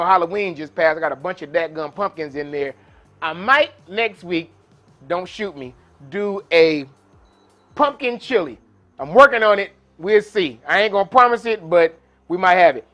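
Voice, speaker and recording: A man's voice: sits high, a bit bright. Folksy man hosting a cooking show. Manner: casual, folksy, chatty with viewers. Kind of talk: live cooking demonstration. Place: kitchen with induction burner.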